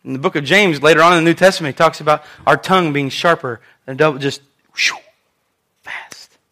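Man preaching, high voice, conversational asides, church sermon. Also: very fast, sharp tone. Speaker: pastor.

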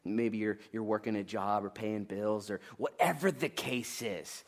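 A man in his thirties preaching a sermon, jokey and animated, swinging between loud bursts and quiet asides. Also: lowish voice, moderate pace. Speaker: pastor.

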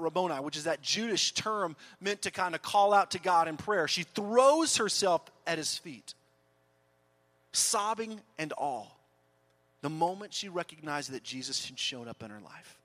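A middle-aged man preaching a sermon as pastor, dramatic, swinging from loud urging to soft hushed words. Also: on the high side.

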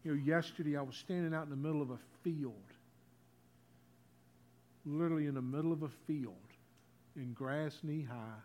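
A pastor preaches a communion sermon in church, his voice a little high and his pace moderate, pausing often. He talks in a folksy way, leads the congregation in call-and-response, and swings between loud and hushed.

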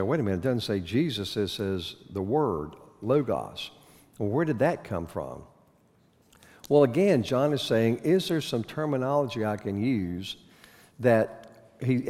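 Speaking in a lowish, darkish voice, a man gives a conversational Bible lesson, throwing questions to listeners and sneaking in corny puns. The recording carries a hall's long reverb.

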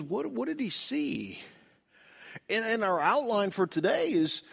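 A middle-aged male pastor preaching a sermon, swinging from loud cries to hushed whispers. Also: sits high.

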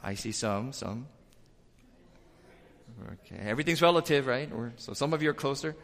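A man preaching a sermon in a church, animated, with loud emphatic bursts and asides to the congregation. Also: mid-range voice, normal speed. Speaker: pastor. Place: church sanctuary. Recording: reverberant church hall.

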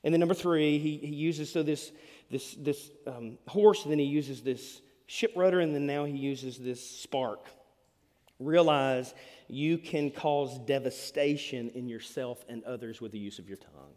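A man, preaching a sermon as pastor, telling stories with big swings between loud and hushed delivery. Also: mid-range voice, unhurried. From Alabama. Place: church hall. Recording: long hall reverb.

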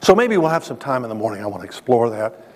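A man's voice: mid-range voice, big pitch swings, fast talker. A man giving an earnest, emphatic sermon-style testimony and addressing listeners directly. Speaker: speaker. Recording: long hall reverb.

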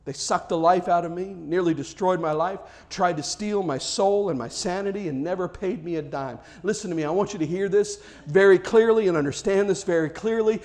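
Impassioned high-voiced preacher. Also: male voice, fairly quick, hardly any pauses. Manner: impassioned preaching that swells to near shouting. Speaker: pastor. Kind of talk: sermon.

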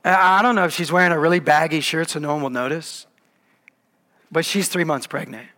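Man preaching; casual, animated storyteller with a fairly high voice. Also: a little fast. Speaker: pastor. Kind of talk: sermon.

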